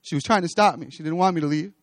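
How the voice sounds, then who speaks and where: Casting: man preaching his own testimony, high voice, dry close sound, earnest and repetitive. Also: racing, no echo. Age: adult, with children. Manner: earnest, repeats phrases, rising to exhortation. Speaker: church speaker giving testimony. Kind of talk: testimony sermon. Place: church stage.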